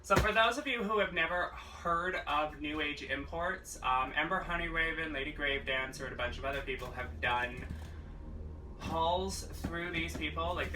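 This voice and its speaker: A man's voice: mid-range voice, background noise. A young man chatting playfully on a casual haul vlog, with campy sing-song exclamations. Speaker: vlogger. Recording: echoey room, distant mic, loud music. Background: loud background music.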